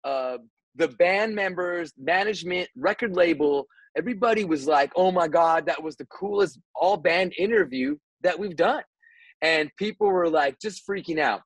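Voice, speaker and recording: Animated man telling a story, dry mic. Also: high-pitched, moderate pace, no room sound, rough recording. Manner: animated, swearing, lots of restarts and fillers. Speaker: radio host and program director, as guest. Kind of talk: casual storytelling in a podcast interview.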